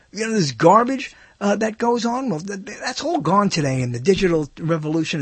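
An older man hosting a radio talk show, rambling through an animated on-air monologue with laughs and self-interruptions, seated in a studio. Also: high-pitched, breathy edge, no room sound.

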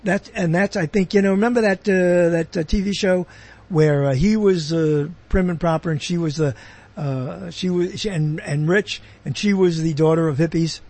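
Speaking at a normal speed, a show host with a fairly high, somewhat mellow male voice delivers a digressive, chatty monologue. He rambles and keeps breaking off into asides.

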